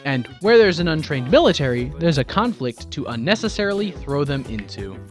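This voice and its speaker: A man hosting a gaming video, commenting on strategy gameplay in an excitable, jokey, self-mocking way. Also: fairly high pitch, brisk, faint music behind. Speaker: gaming channel host.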